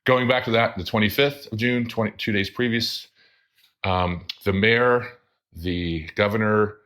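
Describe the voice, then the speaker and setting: Deep-voiced, rambling podcast co-host. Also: male voice, measured pace, a bit bright. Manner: rambling, self-correcting, drinking beer on air. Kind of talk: casual chat.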